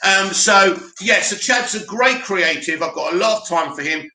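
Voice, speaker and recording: A man's voice: high-pitched, moderate pace, sharp tone, reverberant, faint music behind, rough recording. A man hosting a casual live stream, chatting animatedly and reading viewer comments aloud. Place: home studio in Cyprus.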